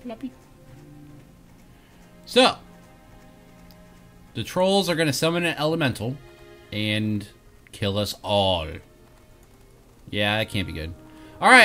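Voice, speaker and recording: A man's voice: a little high, bright, forceful tone. A man hosting a game let's play, reading quest text aloud and joking about himself. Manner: playful, jokey, laughs at himself. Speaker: host.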